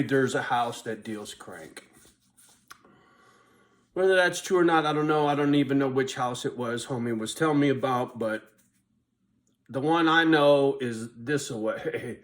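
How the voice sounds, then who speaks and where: A middle-aged man tells a long, rambling story straight to camera, casual and profane. He swears nearly every sentence and breaks into laughter at himself. His voice sits at an ordinary pitch for a man. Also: fairly bright tone. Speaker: vlogger.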